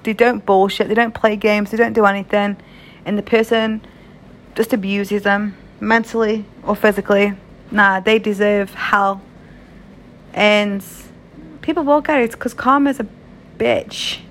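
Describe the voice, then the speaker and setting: A woman's voice: mid-range voice, fairly even intonation, measured pace, slight background noise. A young British woman telling a story in a casual vlog, frank and chatty, swearing freely. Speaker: vlogger.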